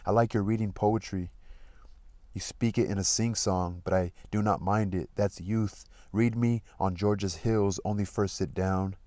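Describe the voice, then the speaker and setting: Brief: wistful, restless young noblewoman read by a man in his own low voice, deep tone, dry close sound, book read aloud. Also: steady tone, unhurried, warm tone, no room sound, lightly acted. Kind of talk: reading a novel aloud.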